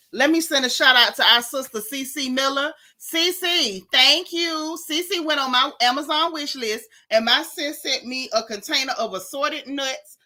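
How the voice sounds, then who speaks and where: Woman, middle-aged, sassy gossip recap, bright tone, fairly high pitch. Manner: animated, sassy, exclaiming, drawn-out emphasis. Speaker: show recap host. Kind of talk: casual reality TV recap.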